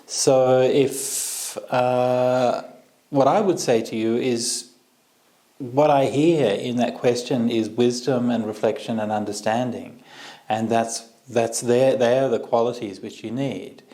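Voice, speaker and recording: Calm guy meditation teacher on a video call, soft reassuring answers, lots of restarts, mid voice. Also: medium pitch. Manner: gentle, reassuring, halting with restarts. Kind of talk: online Q&A answering questions.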